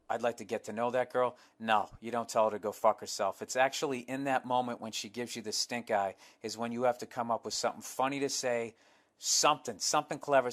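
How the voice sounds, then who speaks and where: A man's voice: mid-range voice, fairly bright tone. A man with a Boston accent hosting a podcast, reading a listener's letter and answering it in a blunt, sarcastic, profane monologue. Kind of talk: casual comedic podcast monologue.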